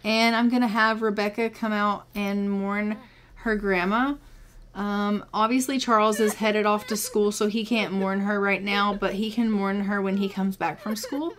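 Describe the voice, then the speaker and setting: A woman's voice: mid-range voice, little pitch movement, a little slow, fairly bright tone. A woman giving casual gameplay commentary, chatting viewers through each step of what she is doing. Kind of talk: casual let's-play commentary.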